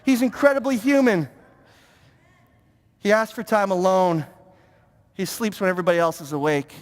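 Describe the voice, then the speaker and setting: A man preaching a sermon as pastor, talking in an animated way with stammering restarts and repeated words. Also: high voice, normal speed. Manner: animated, stammering repetitions, mock-pious impressions. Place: church sanctuary. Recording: long reverb of a church hall.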